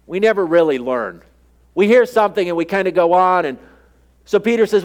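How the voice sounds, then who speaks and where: Guy preaching, kinda high voice, chatty sermon, does little voices for the people in the story. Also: brisk. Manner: conversational preaching, acts out quoted dialogue. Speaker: pastor.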